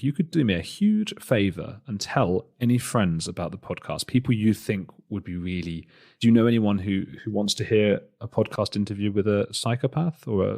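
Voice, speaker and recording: Guy doing a podcast intro, deep and a bit husky, rambly and jokey about himself. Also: a little mellow. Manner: chatty, rambling, self-deprecating asides. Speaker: podcast host. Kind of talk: solo podcast intro monologue.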